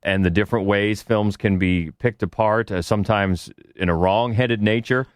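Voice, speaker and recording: A man co-hosts a relaxed podcast chat, his voice sitting on the low side. He speaks haltingly and restarts his sentences often. The sound is close and dry. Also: dry recording. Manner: halting, restarts a lot, breaks into loud movie quotes. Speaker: podcast co-host.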